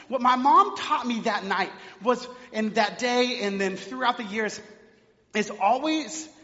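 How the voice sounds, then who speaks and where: Man preaching, high voice, chatty storytelling, long church reverb, dull lo-fi sound. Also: a bit bright. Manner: chatty storytelling, filler-heavy. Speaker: pastor. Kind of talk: sermon. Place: church sanctuary.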